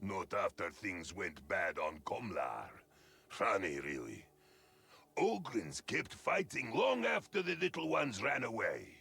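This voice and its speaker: A gruff Yorkshire ogryn. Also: male voice, sits low, big pitch swings, pushed and bright, exaggerated voice. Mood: bitter. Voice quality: gruff, gravelly. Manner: slow, plain-spoken grumbling. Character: hulking male ogryn veteran, bitter and simple.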